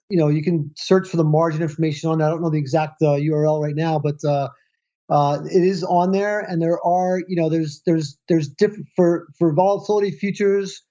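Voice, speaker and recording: A man co-hosting a podcast, explaining things casually in a halting way, full of ums and restarts. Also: a little high, mellow. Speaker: podcast co-host. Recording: dull lo-fi sound.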